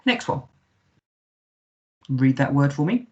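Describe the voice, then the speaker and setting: A man's voice: mid-range voice, sing-song, slow, lo-fi sound. A man with an English accent, a primary school teacher giving a recorded remote lesson, patiently sounding out words letter by letter.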